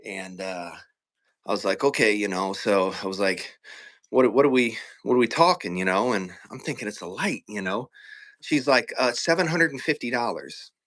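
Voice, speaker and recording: A middle-aged man on a live stream telling a story in casual chat, animated and full of profanity, often laughing. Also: fairly low pitch, moderate pace.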